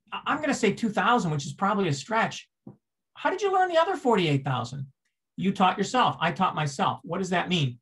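A man's voice: a little high, a bit bright, slightly rough. Man lecturing with rhetorical questions. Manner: explanatory, rhetorical questions, frequent restarts. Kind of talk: seminar lecture.

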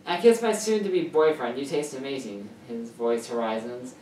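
A woman with an unusually deep voice reads a story aloud, tripping over words and restarting lines. She sounds distant from the mic in an echoey room, with a faint hiss underneath. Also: moderate pace, mellow. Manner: stumbling, self-correcting reading. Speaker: story reader.

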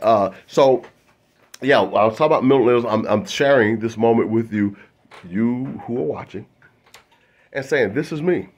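A man's voice: mid-range voice, normal speed, a little mellow. A man doing a loose stand-up monologue to camera, full of fillers, restarts and asides. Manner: loose, self-interrupting, many fillers and restarts. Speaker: comedian.

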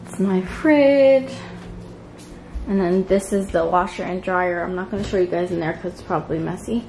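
A woman with a fairly low, slightly mellow voice tours her apartment indoors, filming on a handheld phone as she walks and rambling with ums and small laughs. She keeps a moderate pace, and the rough recording carries a bit of hiss or hum.

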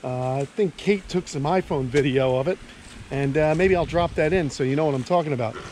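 A man's voice: on the high side, fairly quick, a little mellow, slight background noise. A man hosting a casual vlog outdoors among animal enclosures, easygoing and chatty, talking to his reptiles as he goes. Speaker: reptile keeper and channel host.

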